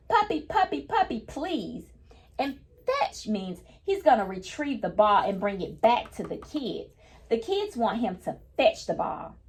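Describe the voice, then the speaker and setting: A woman's voice: mid-range voice, a little mellow. A woman reading a picture book aloud to children, patiently stopping to explain each new word in simple terms. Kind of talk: children's read-aloud lesson.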